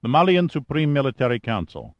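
A man's voice: mid-range voice, big pitch swings, a little fast, no echo, highs cut off, voice pushed up, natural voice. A man voicing a tense, cold military pilot who speaks in a curt, formal and dogged way.

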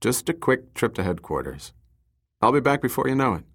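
A man's voice: medium pitch, big pitch swings, fairly quick. A man playing an easygoing agent hero. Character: steady, joking male government agent.

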